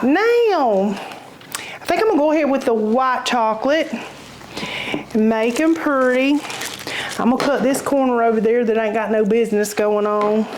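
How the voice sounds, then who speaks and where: A woman's voice: fairly high pitch, background noise. A woman with a Southern US accent hosting a casual home cooking demonstration, folksy and chatty, with easy laughs. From Southern United States. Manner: folksy, chatty, says y'all, laughs easily. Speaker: cooking channel host. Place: home kitchen.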